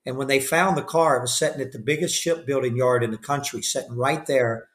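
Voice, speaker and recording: A man's voice: medium pitch, fairly even intonation, a little fast, fairly bright tone. Older man rambling through a candid story. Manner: rambling, with frequent restarts and fillers; acts out the voices of people he quotes. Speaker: podcast guest. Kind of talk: casual interview storytelling.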